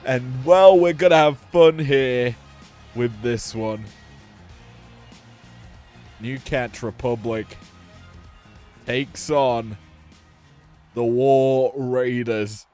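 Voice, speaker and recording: A man's voice: mid-range voice, extremely slow, pauses often, darkish tone, faint music behind. A man doing casual play-by-play commentary, full of joking, offhand asides.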